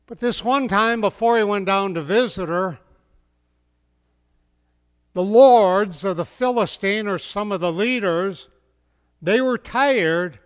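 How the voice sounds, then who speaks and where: Folksy preacher telling a story to the crowd, slow, smooth voice. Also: male voice, high voice. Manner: folksy, addresses the audience directly. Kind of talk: storytelling sermon. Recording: long hall reverb.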